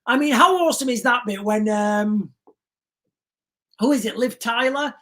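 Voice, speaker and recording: Woman, livestream host, rambling, repetitive, earnest, fairly high voice. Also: normal speed, a bit bright. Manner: rambling, repeats phrases, keeps calling the viewers guys; emotional and earnest, choking up. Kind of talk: casual livestream chat.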